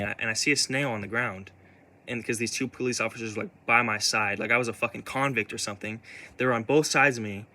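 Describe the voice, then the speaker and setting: A young man speaks at a middle pitch, neither high nor low, as he retells something painful from his own life. His speech is halting and full of false starts and repeated words, with the odd swear slipping out. He sounds shaken and upset as he talks straight to his viewers. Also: bright, forceful tone. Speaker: vlogger. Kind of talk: casual personal storytelling.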